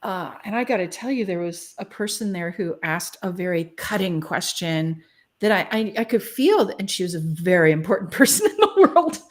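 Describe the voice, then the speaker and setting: A woman's voice: fairly low pitch, very animated, normal speed. A woman guest in a casual interview, speaking frankly and animatedly and laughing often. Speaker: guest, spiritual channeler.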